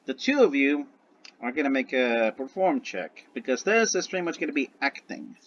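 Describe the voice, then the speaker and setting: A man's voice: mid-range voice, expressive, normal speed, fairly bright tone, highs cut off. A man narrating a tabletop game as game master, often hesitating and restarting his phrases.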